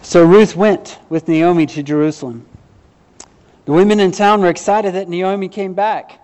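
Man, pastor, sermon, earnest, direct questions to the congregation, self-deprecating, slightly high voice. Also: fairly even intonation, moderate pace, a little mellow.

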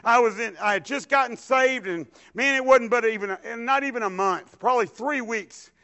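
A man's voice: very high voice, pushed and bright, dull audio. A man with a Texan accent preaching a sermon, telling his own testimony in a folksy, rambling way with frequent amens. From Texas, USA. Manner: folksy storytelling, drawn-out phrases, frequent amens.

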